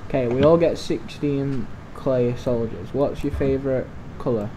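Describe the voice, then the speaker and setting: A man's voice: mid-range voice, normal speed, noisy background. A young man co-hosting a let's play, laid-back and teasing as he plans ahead. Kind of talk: casual gaming chat.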